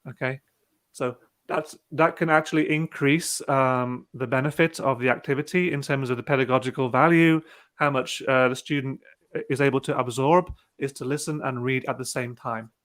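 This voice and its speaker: A man presenting an online webinar, calmly talking through each click of a teaching tool step by step. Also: medium pitch, moderate pace. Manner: relaxed, talks through clicks step by step with fillers. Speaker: presenter demonstrating a teaching platform. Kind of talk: casual online webinar demo. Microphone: video call.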